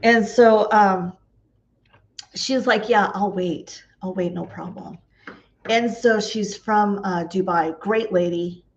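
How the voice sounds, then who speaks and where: A woman vlogger tells stories in a casual, chatty way, acting out the voices in each exchange and laughing often. Her pitch sits mid-range for a woman. The recording is slightly dull, with a lo-fi edge. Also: fairly even intonation, takes it slowly. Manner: chatty, laughs often, acts out quoted dialogue. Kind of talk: casual storytelling.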